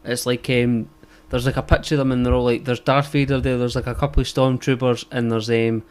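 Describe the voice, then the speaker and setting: A man's voice: mid-range voice, flat delivery, brisk, a little mellow, clean tone. A Scottish man co-hosting a podcast in casual chat, packing his speech with fillers. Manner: filler-heavy, keeps saying "like" and "aye". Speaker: podcast co-host.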